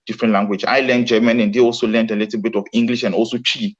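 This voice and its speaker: A man's voice: medium pitch, little pitch movement, rapid-fire, muffled recording. A man answering interview questions earnestly, often restarting his sentences. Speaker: guest. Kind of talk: casual interview.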